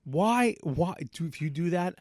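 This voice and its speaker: A man co-hosting a podcast, telling a story in a profane, animated rant. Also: high voice, measured pace, no echo, studio quality. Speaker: podcast co-host. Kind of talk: casual ranting chat.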